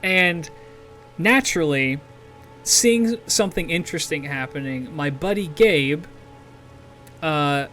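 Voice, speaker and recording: A man's voice: a little high, expressive, takes it slowly, long pauses, pushed and bright, soft background music. A man streaming a game while telling a story in a rambling, profane way, full of restarts. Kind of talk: casual storytelling while gaming.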